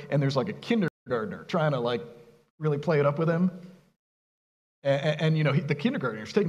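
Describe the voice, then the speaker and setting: Animated male pastor preaching in an echoing hall. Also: fairly high pitch, dull audio. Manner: animated, conversational, with rhetorical questions. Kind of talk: sermon. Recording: long reverb of a large hall.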